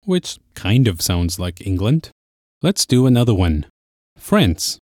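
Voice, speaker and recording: A man's voice: lowish voice, sing-song, slow, darkish tone, dry recording, clean studio sound. A man teaching a podcast language lesson, explaining patiently step by step.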